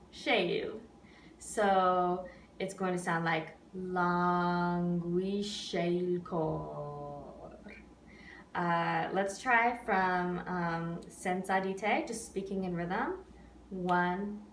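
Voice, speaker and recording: A woman gives an unhurried online singing lesson as an opera pianist, patiently counting in and modeling each phrase. Her voice sits back from the mic in a roomy space, with faint noise underneath. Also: medium pitch, distant mic. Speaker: opera pianist and vocal coach.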